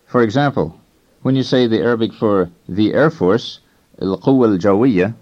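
A man narrating an instructional language course in a measured, explanatory way, telling learners when to listen and repeat. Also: medium pitch, expressive, a little mellow. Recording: dull lo-fi course recording.

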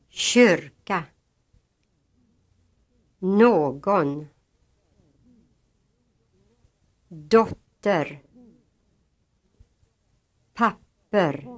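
A woman reads isolated words one at a time so learners can repeat them. Her voice sits slightly low, and she pronounces each word carefully at a very slow pace. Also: slightly rough. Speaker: pronunciation model speaker. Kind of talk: reading single words for repetition.

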